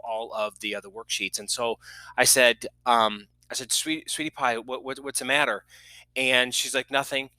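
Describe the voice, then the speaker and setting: A man's voice: mid-range voice, sharp tone, dry recording, poor audio. A middle-aged man hosting a podcast, telling a family story in a casual way with many fillers and restarts, and moved at times. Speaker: podcast host.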